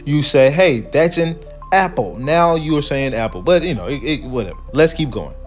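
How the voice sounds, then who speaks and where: A man's voice: on the high side, expressive, faint music behind. Casual man reading aloud and riffing. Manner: conversational, reads quotes slowly then riffs. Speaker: host. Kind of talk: casual commentary reading from a text.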